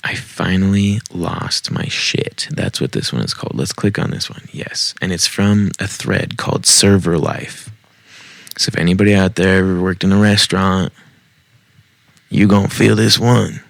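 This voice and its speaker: A man's voice: deep voice, moderate pace, gravelly, fairly bright tone, no room sound. A man hosting a podcast, casually reading online posts aloud with joking, self-mocking asides. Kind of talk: casual read-aloud storytelling. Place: home basement.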